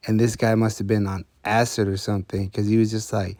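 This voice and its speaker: A man with a fairly low, mellow voice recounts a wild tale in loose street slang, cursing freely. His delivery is relaxed and casual. The sound is close and dry with no room echo. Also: fairly quick. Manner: profane, laid-back street slang. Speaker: storyteller.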